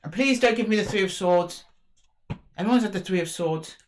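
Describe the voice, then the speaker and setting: A woman's voice: medium pitch, a little fast, slight background noise. A woman giving a casual, chatty tarot reading, speaking straight to the viewer. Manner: chatty, animated, talks directly to viewer. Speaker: tarot reader.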